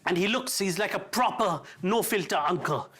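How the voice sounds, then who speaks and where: A man's voice: high-pitched, lively intonation, fairly bright tone, breathy edge. A man with an Indian English accent performing a stand-up comedy set on a theatre stage, telling stories and acting out the people in them. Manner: storytelling, quick asides, acting out voices. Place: theatre stage before a live audience. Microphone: stage mic. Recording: live theatre with crowd laughter. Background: audience laughter.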